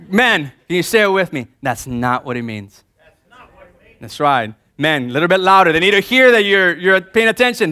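A male pastor preaching a sermon, swinging between loud emphasis and quiet repetition and leading the congregation in call-and-response. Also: on the high side, lively intonation, fairly quick, clean tone, no echo.

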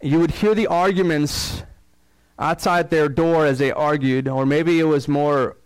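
A man's voice: fairly high pitch, fairly even intonation, unhurried, clean tone, no room sound, rough recording. Conversational man preaching a sermon. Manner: conversational preaching with short repeated phrases and self-deprecating asides. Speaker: pastor.

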